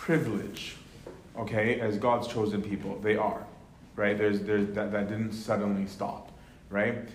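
A man leading a casual Bible study, talking loosely with lots of "right?" and "um", then slowing down to read verses aloud. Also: on the low side. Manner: conversational, many fillers and tag questions, slows to read scripture. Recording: echoey room with faint noise.

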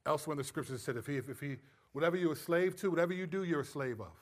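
A man preaching a sermon and teaching from scripture, lively and humorous, acting out imagined dialogue. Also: fairly high pitch, racing. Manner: animated, acts out quoted voices with humor.

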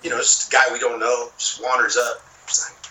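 A man's voice: medium pitch, little pitch movement, fairly quick, bright, forceful tone, far from the mic, a little hiss or hum, poor audio. A man telling a long, rambling story in casual chat, with plenty of swearing and filler. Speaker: podcast guest.

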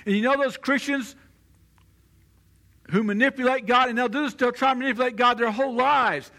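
High, bright-voiced male preacher. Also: steady tone, a little fast. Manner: preaching conversationally, acting out quoted voices. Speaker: pastor. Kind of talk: sermon.

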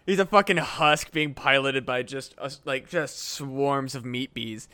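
A young man co-hosting a comedy podcast, excitable and profane, laughing as he talks. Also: mid-range voice, a little slow, clear, resonant tone. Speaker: podcast co-host. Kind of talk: casual comedic chat.

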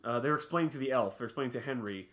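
A podcast co-host rants about a film in casual, profane chat. The voice is bright and crisp, and the delivery stays animated. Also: medium pitch, racing. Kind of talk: casual movie-review chat.

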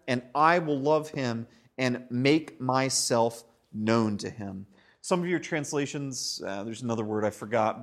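A man preaching a sermon in an animated, conversational way, with fillers and asides. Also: mid-range voice. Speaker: pastor.

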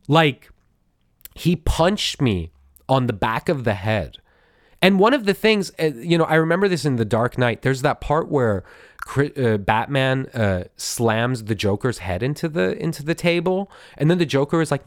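A man's voice: medium pitch, animated, normal speed, dry recording. Man, podcast host, casual storytelling, swears a lot, restarts often, dry close mic. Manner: profane, rambling, with restarts. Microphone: studio microphone.

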